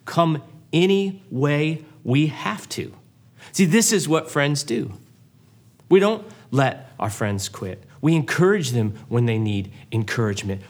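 A man preaching a sermon in a lively, conversational way, acting out characters' lines in quick asides. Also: fairly high pitch. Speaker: pastor.

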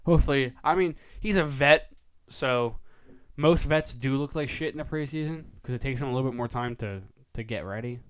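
A young man co-hosting a casual sports podcast, excitable and profane, quick to overreact. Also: medium pitch, smooth. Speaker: podcast co-host.

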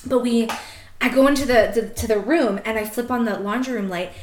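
A woman on a podcast telling a story in a casual, animated way, swearing freely and laughing often. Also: fairly high pitch, brisk, reverberant, a little hiss or hum. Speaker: podcast host.

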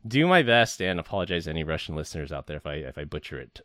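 A man with a very low, deep voice co-hosts a casual podcast. He reads prepared stories in a relaxed, jokey way. The sound is close and dry, with no room echo. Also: rapid-fire, hardly any pauses. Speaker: podcast co-host. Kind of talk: casual podcast chat with read news segments.

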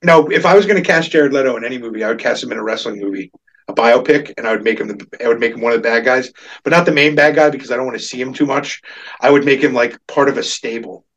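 A man hosting a casual podcast chat, laughing often and restarting his sentences in an animated way. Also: mid-range voice, fast, far from the mic, lo-fi sound. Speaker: podcast host.

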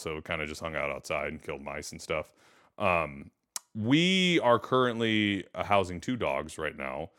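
A man in his thirties with a low voice hosts a relaxed podcast chat. His pitch swings widely as he tells stories, and he laughs often along the way. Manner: animated storyteller, laughs often. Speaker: podcast host.

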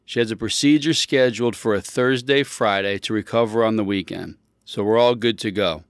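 A man's voice: on the low side, a little fast, clear, resonant tone, no room sound, clean studio sound. A man hosting a show, telling a rambling story in a casual chat and often correcting himself mid-sentence. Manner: animated, emphatic when riled up.

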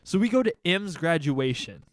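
Animated young man telling a story. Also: fairly high pitch, moderate pace, background noise. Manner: animated storyteller acting out friends' voices, laughing often. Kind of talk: casual storytelling chat.

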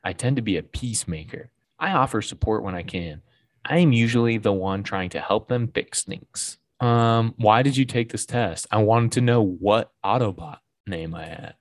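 A man co-hosting a casual movie podcast, reading out quiz questions in a relaxed way. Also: fairly low pitch, moderate pace, no room sound. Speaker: podcast co-host.

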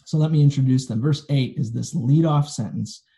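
Gravelly, dark-voiced man preaching. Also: mid-range voice, normal speed. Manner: conversational, folksy storytelling. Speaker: pastor. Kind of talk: sermon. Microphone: recorded for online video.

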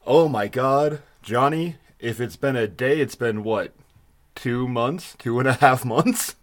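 A man's voice: mid-range voice, slow. An easygoing man co-hosting a casual podcast, talking in a folksy way. His speech sounds slightly odd after dental work. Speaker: podcast co-host.

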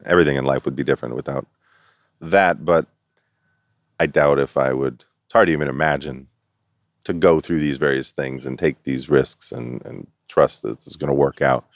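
A middle-aged man telling stories as an interview guest in casual chat, animated and laughing often. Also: very deep voice, normal speed, no echo, studio quality. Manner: animated storyteller who acts out quotes and laughs often.

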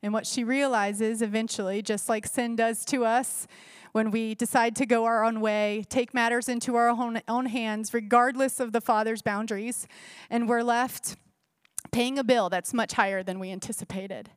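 Woman pastor, sermon, high voice, dry close sound, conversational with questions. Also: steady tone, normal speed, smooth, no echo. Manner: conversational preaching, rhetorical questions. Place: church.

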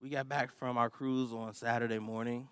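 A man's voice: mid-range voice, level tone, moderate pace, smooth, no room sound, studio quality. A middle-aged man preaching a sermon, telling a personal story in a humorous, conversational way and laughing often. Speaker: pastor.

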